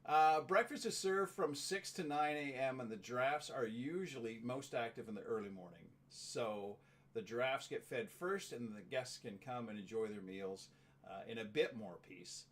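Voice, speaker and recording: A man's voice: mid-range voice, expressive, normal speed. A man hosting a casual talk show, reading facts aloud with stumbles and joking asides. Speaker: show host. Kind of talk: casual chat.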